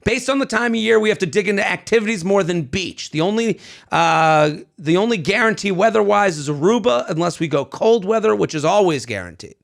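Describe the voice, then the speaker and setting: A man in his thirties co-hosting a podcast, telling stories in animated casual chat and swearing freely. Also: high voice, a little fast, creaky. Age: 30s. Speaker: podcast co-host.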